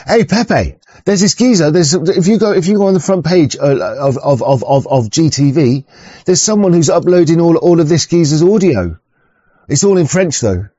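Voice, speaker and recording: Dark-voiced crude man rambling. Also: on the high side, expressive, moderate pace, slightly rough, no echo. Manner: crude, swearing, stammering restarts. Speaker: online show host. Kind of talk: rambling casual monologue. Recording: dull lo-fi recording.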